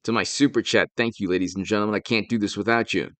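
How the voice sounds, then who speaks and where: A man's voice: on the low side, steady tone, fast, no room sound. Rambling sarcastic male live streamer. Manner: rambling, sarcastic, thanks super chat donors mid-talk. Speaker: political commentator and live streamer. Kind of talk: casual live stream commentary.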